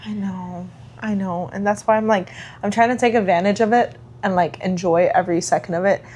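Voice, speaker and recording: Young woman, stay-at-home mom, casual chat, lots of fillers, mid-pitched voice. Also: fairly quick. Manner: chatty, many fillers, animated retelling. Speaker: podcast co-host.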